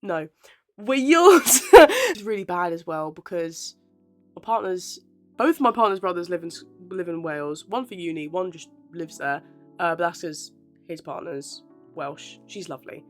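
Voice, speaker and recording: A woman's voice: lowish voice, fairly even intonation, normal speed, faint music behind. A woman in her twenties from England with a Southern English Portsmouth accent, chatting casually in a giggly, self-deprecating way. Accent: Southern English, Portsmouth area. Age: 20s. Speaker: aspiring actor vlogger. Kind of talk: casual chat.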